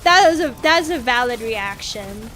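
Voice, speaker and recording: High bright-voiced woman streamer, melodramatic. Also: expressive, unhurried, a little hiss or hum. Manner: dramatic, whiny, swears a lot. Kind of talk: casual gameplay chat.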